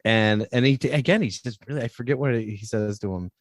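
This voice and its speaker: A man's voice: mid-range voice, fairly quick, no room sound. A man casually recapping a movie on a podcast, rambling, laughing often and acting out lines. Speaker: podcast co-host. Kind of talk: casual movie review chat.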